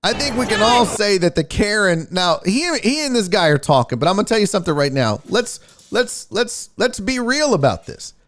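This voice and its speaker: A man with a fairly high voice hosts a sports show and breaks down a clip. His talk is chatty and profane, with pitch that jumps all over. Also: sing-song, normal speed, a bit bright. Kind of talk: casual video breakdown commentary.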